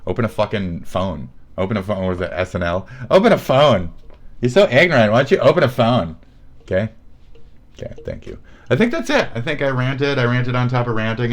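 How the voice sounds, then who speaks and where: A man's voice: lowish voice, quick pace, hardly any pauses. A young man livestreaming, ranting in a rambling, sneering way full of profanity. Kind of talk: livestream rant.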